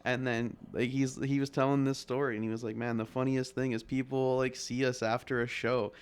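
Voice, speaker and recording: A man's voice: mid-range voice, fairly quick, clean tone. A man co-hosting a podcast, laid-back and casually swearing, telling stories in a casual chat. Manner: laid-back, swears casually, animated when retelling quotes.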